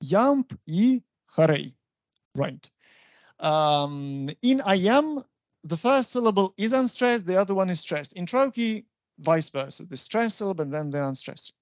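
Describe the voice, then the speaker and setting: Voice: medium pitch, lively intonation, a little slow, dry recording. A lecturer with a Russian accent giving a university lecture, patiently explaining terms, checking in with the listeners and translating into Russian.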